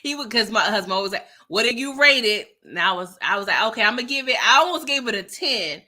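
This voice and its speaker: A middle-aged woman, hosting a casual livestream chat and reading out viewer comments, animated and laughing often. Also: medium pitch, fast.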